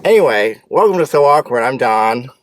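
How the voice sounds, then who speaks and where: A man's voice: medium pitch, expressive, normal speed, no room sound. Man, casual movie review host, opinionated, rambling, restarts, dry close sound. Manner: blunt, rambling, frequent restarts and sudden speedups.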